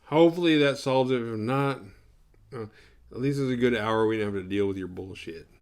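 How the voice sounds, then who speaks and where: A man's voice: medium pitch, a little fast, smooth. A man hosting a horror movie review show, recapping the plot in a rambling, profane, sarcastic way.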